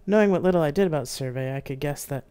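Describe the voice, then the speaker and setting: Woman author, low voice, expressive first-person reading live on stream. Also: fast, smooth. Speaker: author reading her novel. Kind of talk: live reading of her own sci-fi novel. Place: home streaming setup.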